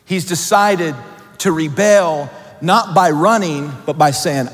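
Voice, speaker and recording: A male preacher delivers a sermon at a slow, deliberate pace with a fairly high voice. He swings from loud, emphatic stretches to hushed, low passages. His voice rings with the long reverb of a large hall. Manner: emphatic, dramatic shifts between loud and hushed. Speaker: pastor.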